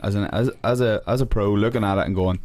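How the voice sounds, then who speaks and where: Irish MMA fighter, low-ish voice, swearing storyteller in loose casual chat. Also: male voice, quick pace. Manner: profane, animated storytelling.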